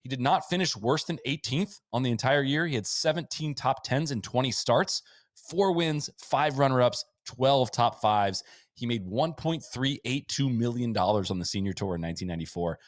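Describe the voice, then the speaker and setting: A man hosting a podcast in casual chat, rattling off lists of stats with quick asides. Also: medium pitch, expressive, dry recording, studio quality. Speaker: podcast host. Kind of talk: casual chat recapping a sports season.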